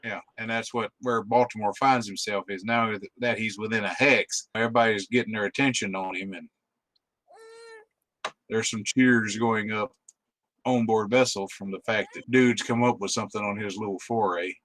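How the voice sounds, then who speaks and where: A man's voice: fairly low pitch, fairly even intonation, normal speed, fairly bright tone, no echo. A man narrating as the game master of a tabletop role-playing game, describing scenes in an easygoing way.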